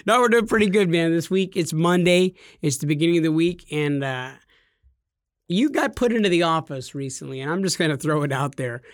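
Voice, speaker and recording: A man's voice: fairly high pitch, brisk, no room sound. A man co-hosting a gaming podcast in a studio, chatting casually and teasing his co-host with jokes. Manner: teasing, joking. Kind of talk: casual chat.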